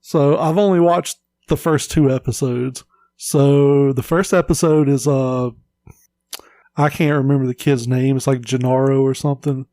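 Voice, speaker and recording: A man's voice: mid-range voice, steady tone, a little slow, dark tone, no echo. A man co-hosting a casual podcast, rambling through a story and swearing freely. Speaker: podcast co-host.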